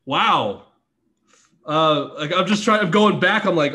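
A man guesting on a podcast, telling a story in a casual, animated way, with lots of swearing and acted-out quotes. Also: fairly high pitch, measured pace. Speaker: podcast guest, former wrestler.

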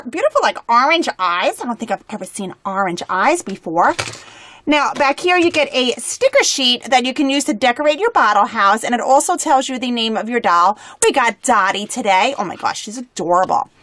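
A woman's voice: a little high, lively intonation, normal speed, fairly bright tone, no room sound. A woman hosting a toy unboxing, gushing and chatty as she opens and reviews dolls.

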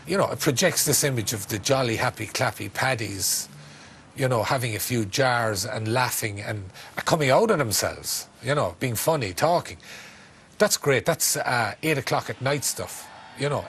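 A man's voice: medium pitch, normal speed, a bit bright, slight background noise. A man interviewed for a documentary, talking bluntly and conversationally.

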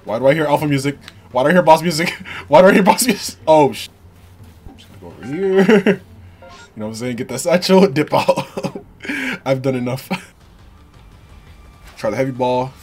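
A man giving excitable, slangy, joking commentary while playing a video game, swinging from low mutters to yells. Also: normal speed, long pauses, faint music behind. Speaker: gaming streamer. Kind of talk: let's play commentary.

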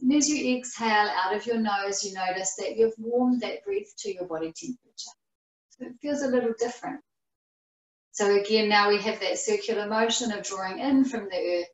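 A woman teaching a guided yoga class, giving slow, calm breathing cues with long pauses. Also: medium pitch. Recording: roomy echo, voice far from the mic.

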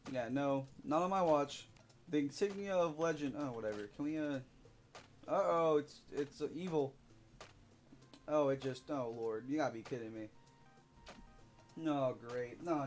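Excitable young gaming commentator. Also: male voice, fairly high pitch, a little slow, long pauses. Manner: excitable, shouting and whooping while playing. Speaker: gaming YouTuber. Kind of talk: let's play commentary.

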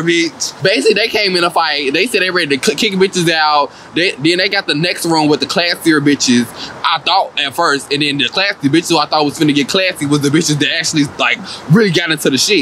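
A man vlogger giving an animated, profane and sassy comedic recap of a reality TV show, laughing often. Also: a little high, slight background noise.

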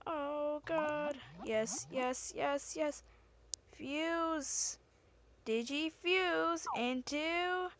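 A woman giving excitable let's-play commentary, often exclaiming and swearing at the game. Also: high-pitched, a little hiss or hum. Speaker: gamer.

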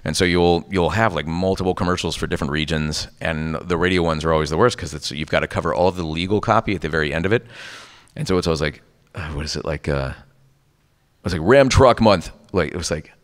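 A middle-aged man with a very low, smooth and resonant voice, talking casually at a convention panel. He tells stories in a lively way, slipping into ad reads and character voices as he goes. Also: fast talker, in a large hall. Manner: animated storyteller, rattles off ad copy and voices. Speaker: voice actor guest on a convention panel.

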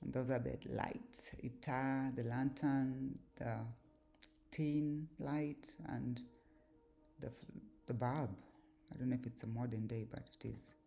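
A woman giving a slow, deliberate explanatory lecture on word meanings, pausing often with fillers. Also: extremely low pitch, steady tone, gravelly, warm tone, soft background music. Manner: measured, deliberate, with pauses and fillers. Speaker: language teacher.

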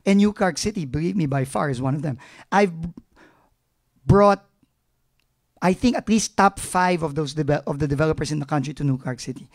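A man's voice: fairly high pitch, normal speed. A middle-aged man with a Filipino accent, a government agency head answering press questions frankly and emotionally, slipping into Tagalog phrases. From Philippines.

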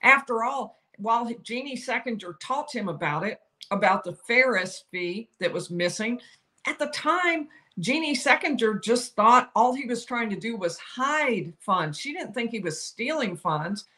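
A woman, older, giving solo legal commentary, explaining each side's arguments and quoting lawyers with animated emphasis. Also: a little high, unhurried.

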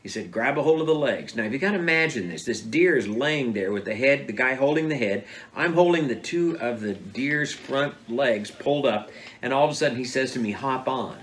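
Animated man telling a hunting tale. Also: mid-range voice, brisk, slight background noise. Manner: animated, acts out quoted dialogue. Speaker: father telling hunting stories. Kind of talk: casual storytelling interview.

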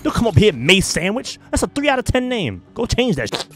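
A man's voice: sits high, big pitch swings, brisk, fairly bright tone. A man streaming a game with casual commentary and playful trash talk aimed at other players.

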